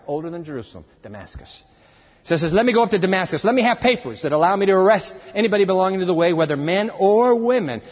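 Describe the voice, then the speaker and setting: A man preaching a sermon in a large church hall, dramatic and emphatic, swinging from loud to hushed and adding sound effects. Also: high-pitched. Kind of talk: sermon, expository Bible teaching. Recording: reverberant hall, dull lo-fi sound.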